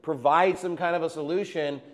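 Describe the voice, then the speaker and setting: A man's voice: fairly high pitch, fairly even intonation, moderate pace. A male pastor preaching a sermon in a conversational way, reading scripture and acting out everyday quotes.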